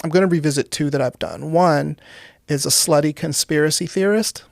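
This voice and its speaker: Gravelly-voiced woman, deadpan. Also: low-pitched, moderate pace, no room sound, studio quality. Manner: deadpan, dark humor, laughs at own jokes. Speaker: guest comedian. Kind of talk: casual interview chat.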